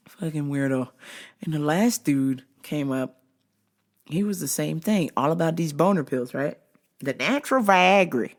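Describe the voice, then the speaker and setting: A young woman telling a comic work story, animated and quick to laugh. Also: low-pitched. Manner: lively, laughing, swearing, animated.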